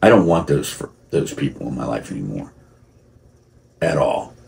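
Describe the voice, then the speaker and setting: A man's voice: a bass voice, very animated, normal speed, gravelly, slight background noise. A man talking to camera in a rambling personal monologue, repeating and restarting, working himself up into heated outbursts. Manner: rambling, gets heated and shouty; frequent restarts and repeated words. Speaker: vlogger.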